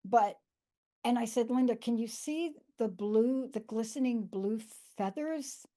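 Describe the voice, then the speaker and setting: A woman with a slightly high, dark-toned voice speaks unhurriedly as she hosts a casual podcast conversation. She tells stories in a chatty, emphatic style, repeating words for stress.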